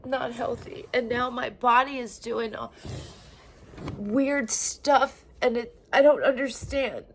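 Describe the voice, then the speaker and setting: A woman's voice: fairly high pitch, a little hiss or hum. Raw, frustrated woman in her forties venting. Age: 40s. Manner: raw, emotional venting with frequent swearing; halting, restarts and trailing phrases. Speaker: vlogger. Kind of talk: personal video diary.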